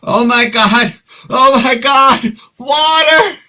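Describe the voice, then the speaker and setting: A man's voice: very high voice, slow, bright, forceful tone, full character voice. A man doing a frail, panicky old servant. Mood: panicked. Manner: frantic wailing and gasping. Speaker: actor in a live online reading. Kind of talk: stage play read aloud. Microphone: video call.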